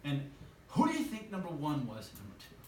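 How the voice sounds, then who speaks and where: Lively man teaching a sales seminar. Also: on the high side, fairly quick. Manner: enthusiastic, animated, asks the audience questions. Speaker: sales trainer. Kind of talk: live motivational seminar talk. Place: training room with a live audience. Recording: echoey room from far off, light hiss.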